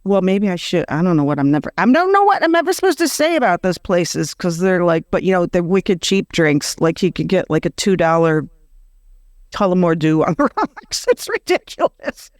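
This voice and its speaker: A woman's voice: fairly low pitch, big pitch swings, no echo. Chatty podcast host woman, dry sound. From Western New York. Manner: rambling, quick asides, laughs often. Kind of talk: casual interview chat.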